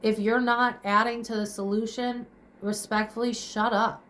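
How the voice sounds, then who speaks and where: A woman's voice: a little high, little pitch movement, moderate pace, fairly bright tone. A young woman in her kitchen at home, crying and out of breath as she vents bluntly to camera in a raw confessional monologue, swearing and firing off rhetorical questions. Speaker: vlogger.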